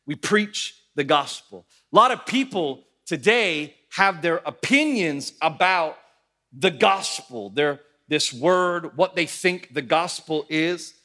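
Lively high-voiced male pastor. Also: slow pace. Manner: animated, acts out voices in anecdotes. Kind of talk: sermon with storytelling.

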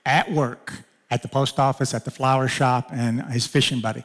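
A man preaching from the pulpit, weaving a personal story into his sermon. He plays out dialogue, jumping sharply up in pitch for his own protests and sinking to a hushed, low tone for quieter lines. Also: steady tone, normal speed, hardly any pauses, in a large hall. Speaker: pastor.

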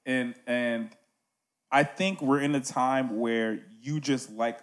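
Animated man hosting a music chat. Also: mid-range voice, slow. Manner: animated, rhetorical "right?" asides.

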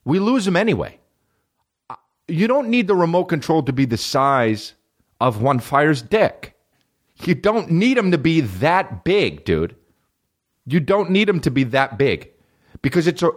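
Profane, animated man ranting on a podcast. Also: moderate pace. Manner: profane, swings between loud high bursts and low mumbles. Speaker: podcast host. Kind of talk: solo comedic podcast rant.

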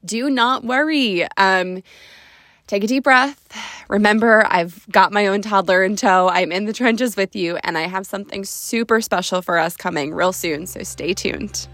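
Young woman, podcast host, emotional, gushing, casual, mid pitch, dry close mic. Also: a little slow, fairly bright tone, dry recording.

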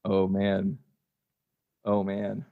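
A man's voice: low voice, monotone, extremely slow, narrow, tinny audio. A man chatting casually on a podcast in an easygoing way. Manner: easygoing, laughs often.

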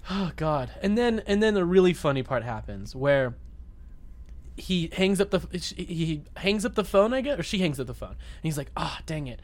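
A man's voice: sits high, very animated, normal speed. A man co-hosting a casual comedic movie chat, rambling and laughing often as he acts out lines from the film. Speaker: podcast co-host.

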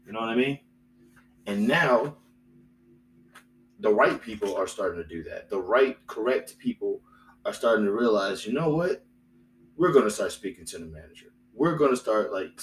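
A man's voice: lowish voice, animated, moderate pace, slight background noise, rough recording. A young man hosting a solo podcast, rambling and repeating himself with lots of fillers. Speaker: podcast host.

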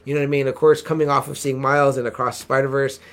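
A man from San Antonio, Texas, co-hosting a podcast, chatting casually and acting out excited quotes. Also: mid-range voice, rapid-fire. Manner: animated storytelling, acts out excited quotes. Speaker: podcast co-host. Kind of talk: casual chat.

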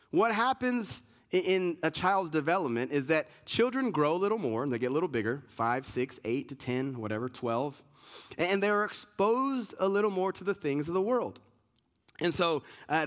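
A man preaching a sermon as pastor, telling a story in an animated way, with frequent restarts and fillers. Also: on the high side. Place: church sanctuary with congregation.

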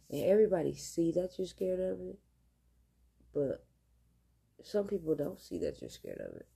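A woman's voice: lowish voice, huge pitch swings, normal speed, gravelly, pauses often, warm tone, slightly rough. A woman hosting a podcast, telling a casual story straight to her listeners, chatty and laughing often. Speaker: podcast host.

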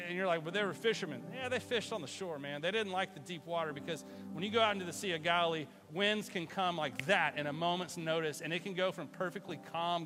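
A male pastor giving a livestreamed sermon in a casual, animated way, swinging from loud exclamations to hushed, near-whispered storytelling. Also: fairly high pitch.

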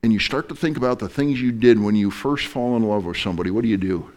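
A male pastor preaching an evening sermon, animated, with joking asides to the congregation. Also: fairly low pitch, quick pace.

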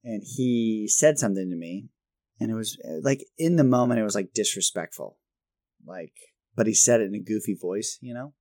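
A man in his thirties co-hosting a podcast, chatting casually and rambling, self-deprecating and quick to laugh. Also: fairly low pitch, lively intonation, a little mellow, no echo, studio quality. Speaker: podcast co-host. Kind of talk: casual chat.

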